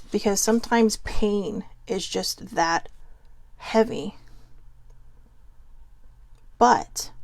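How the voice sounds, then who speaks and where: A woman's voice: medium pitch, a little mellow, no echo. A woman vlogger talking earnestly to viewers, telling a personal story in a heartfelt, reflective way. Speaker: mental health vlogger.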